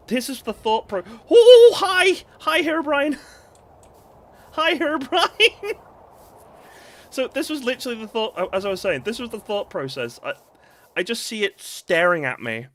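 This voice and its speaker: A man's voice: sits high, expressive, fairly quick, a bit bright. A young man with a Northern English accent, rambling and giggling through casual live-stream commentary on a game. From northern England. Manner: giggly, rambling, breaks into laughter.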